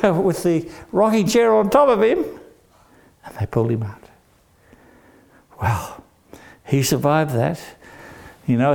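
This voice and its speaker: An older man telling a dramatic story to children, animated and acting out the voices. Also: a little high, gravelly. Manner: animated, acts out voices with shouts.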